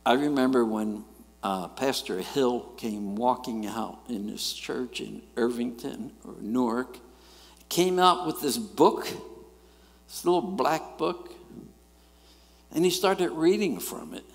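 A middle-aged man, preaching a sermon and telling stories in an animated way, swinging between loud and quiet. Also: mid-range voice, takes it slowly, gravelly. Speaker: guest preacher. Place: church sanctuary. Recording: church hall reverb.

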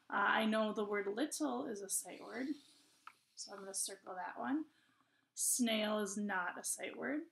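A woman teaching kindergarten, reading a poem aloud to young children in a cheerful, encouraging way and drawing the words out slowly. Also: medium pitch, gravelly, a bit bright, a little hiss or hum. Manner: slow, drawn-out reading for kids.

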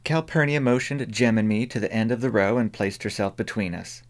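A man reads a novel aloud as an audiobook narrator, with a measured, even delivery. His voice sits on the low side. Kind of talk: scripted narration.

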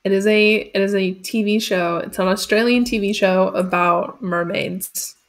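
Woman in her 20s, mid-pitched, chatty and giggly, casual Q&A host energy on a stream. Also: fairly even intonation, moderate pace. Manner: chatty and giggly, many ums and likes. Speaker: guest reading chat questions. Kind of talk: casual livestream Q&A.

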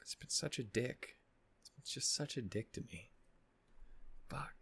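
A man's voice: mid-range voice, unhurried, vocal fry, bright, forceful tone, slightly rough. A man hosting an anime reaction video, tired and upset, rambling and swearing with lots of restarts. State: tired, yawning. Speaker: anime reaction channel host. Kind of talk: casual reaction vlog chat.

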